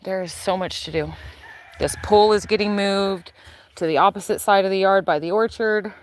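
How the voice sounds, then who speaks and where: A woman's voice: mid-range voice, normal speed, a little hiss or hum. A woman giving a casual, chatty tour of her backyard garden outdoors, talking into a handheld phone and using plenty of fillers. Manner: chatty and relaxed, with frequent fillers. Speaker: gardener showing her property. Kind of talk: casual live-stream chat.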